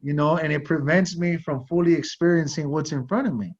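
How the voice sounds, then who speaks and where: A podcast host on his talk show earnestly recounts a personal story, leaning heavily on "like" and "you know." His voice is fairly high, husky, and darkish, with fairly even intonation and a slightly fast pace, and the audio is a bit muffled.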